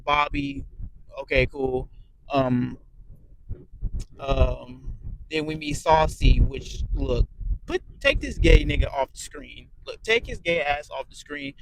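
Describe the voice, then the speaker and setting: A blunt, cursing man with a slightly high voice. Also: fairly bright tone, a little hiss or hum, low-quality recording. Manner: rambling, blunt, heavy cursing, frequent fillers. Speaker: reality show reviewer. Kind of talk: casual profane audio review.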